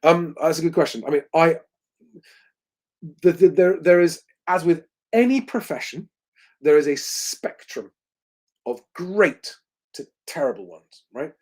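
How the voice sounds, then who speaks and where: A man's voice: a little high, lively intonation, unhurried, long pauses, darkish tone. A man hosting a livestream Q&A, talking conversationally with lots of ums and restarts. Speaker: host.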